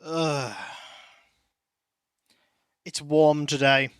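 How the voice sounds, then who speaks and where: Slow, chatty male game streamer. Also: fairly high pitch, level tone, smooth, no echo. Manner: chatty, rambling, greets chat by name, coos softly to his cat. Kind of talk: casual stream chat. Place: warm room at home.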